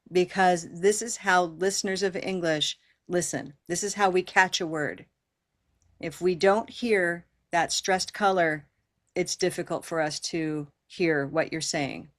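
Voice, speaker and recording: A woman leading an online pronunciation class over a video call, encouraging and repeating words slowly for learners to copy. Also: on the low side. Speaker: pronunciation teacher.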